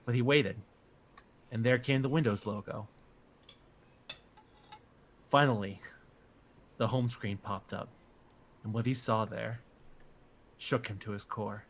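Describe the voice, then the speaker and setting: A man's voice: medium pitch, takes it slowly, pauses often. Chuckling man narrating a game. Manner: chuckling, easygoing storyteller. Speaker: game master.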